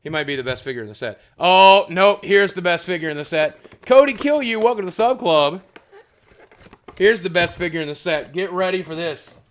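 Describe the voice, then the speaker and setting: A man's voice: high voice, fairly quick, a bit bright. A man chatting casually and profanely with his stream chat while unboxing, cracking jokes. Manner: crude, profane, jokey.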